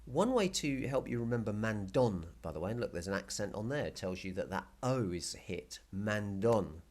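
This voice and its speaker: A male Spanish teacher explaining a recorded video lesson patiently, repeating key words slowly. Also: on the low side, expressive, darkish tone.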